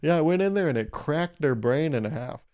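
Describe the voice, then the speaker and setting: A man's voice: fairly high pitch, expressive, normal speed, a little mellow. A young man hosting his own podcast, rambling through a solo comedic monologue in a sarcastic, mock-serious way and laughing at his own jokes. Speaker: podcast host.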